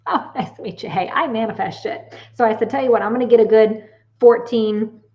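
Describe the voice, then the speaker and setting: An animated woman in her late forties chats casually with her viewers as a psychic medium. She tells stories loosely and swears freely. The recording sounds dull and lo-fi. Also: a little high, fairly quick. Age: late 40s.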